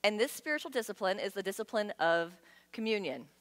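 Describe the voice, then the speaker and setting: A woman giving a sermon in a conversational, playful way, with lively asides to the congregation. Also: medium pitch, brisk. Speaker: guest speaker. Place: church sanctuary. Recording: long hall reverb.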